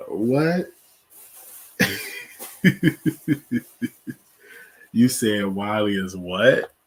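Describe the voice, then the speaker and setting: A man hosting a casual livestream from home, talking to his viewers in a slow, meandering way with lots of fillers. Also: on the low side. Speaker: livestream host.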